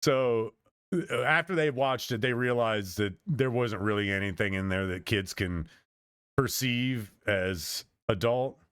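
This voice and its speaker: A man's voice: lowish voice, measured pace, a bit bright, clean tone, no echo, studio quality. A man streamer in his thirties talking in a meandering, casual monologue, often restarting and trailing off mid-sentence.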